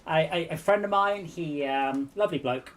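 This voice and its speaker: A man's voice: a little high, moderate pace, a bit bright, slight background noise. Man rambling through anecdotes. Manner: rambling anecdotes with many restarts. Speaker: stream host. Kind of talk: casual chat.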